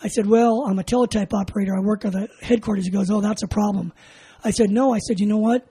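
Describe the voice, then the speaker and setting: A man's voice: high-pitched, quick pace, husky, rough recording. An older man from California, a veteran being interviewed, telling a story with lots of laughs and acted-out dialogue. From California, USA. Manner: animated, acts out dialogue, laughs often. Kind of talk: oral history storytelling.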